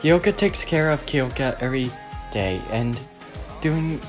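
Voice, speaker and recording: A man retells a story in a plain, halting manner, taking his time over every phrase. His voice sits at an ordinary middle pitch. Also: expressive, over music.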